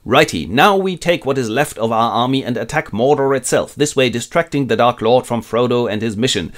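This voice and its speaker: Gandalf, a man doing a brisk old wizard. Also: mid-range voice, lively intonation, natural voice. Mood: bossy. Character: stern old male wizard, brisk and commanding.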